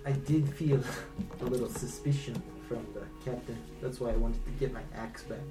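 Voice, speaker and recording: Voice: medium pitch, fairly even intonation, moderate pace, echoey room, distant mic, over loud music, rough recording. A player rambling casually during a tabletop role-playing game. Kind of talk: tabletop role-play banter.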